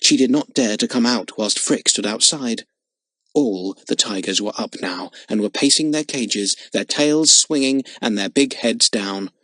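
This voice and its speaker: Male storybook narrator, expressive, mid-pitched, very dry sound. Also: a little slow, no echo. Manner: expressive, dramatic reading. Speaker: audiobook narrator.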